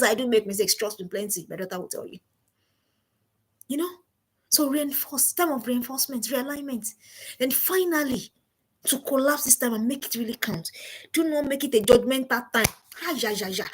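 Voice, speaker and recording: A woman's voice: fairly high pitch, brisk, slightly rough. A middle-aged woman gives an emphatic live-stream parenting talk, repeating her key phrases. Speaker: parenting coach. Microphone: home streaming setup.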